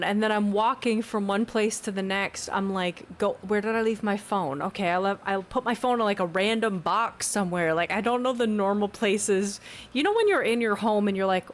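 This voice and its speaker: A young woman chatting casually on a live stream from her new home, talking into a desk USB mic without a pop filter. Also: mid-range voice. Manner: chatty, rambling, giggly. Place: new home with fan and AC running.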